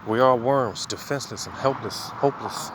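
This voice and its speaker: Man, mid-pitched voice, informal preaching, chatty street-style talk, cars passing in the background. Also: normal speed, noisy background. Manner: conversational preaching, frequent "man" and "you know". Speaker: religious teacher. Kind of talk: casual video sermon.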